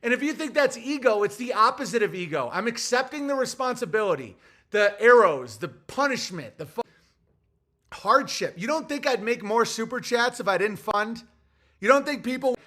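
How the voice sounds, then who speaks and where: A male comedian rants in a blunt, sarcastic, heated monologue. His voice sits high and sounds bright and forceful, pressing each point hard. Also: expressive, normal speed. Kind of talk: ranting monologue.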